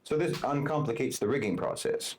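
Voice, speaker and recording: A man reading scripted narration in a measured, argumentative way. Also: mid-range voice, slight background noise. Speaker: narrator of the original video.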